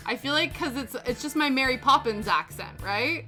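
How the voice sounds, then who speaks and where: A woman's voice: sits high, animated, normal speed, hardly any pauses, over loud music. A woman hosting a casual livestream, chatty and self-mocking as she crafts and chats. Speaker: livestream host.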